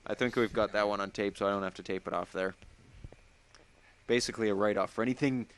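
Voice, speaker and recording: A man's voice: fairly low pitch, steady tone, fast talker. A man hosting a casual talk show, reacting to a guest's story with frequent laughs and short exclamations. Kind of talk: casual chat.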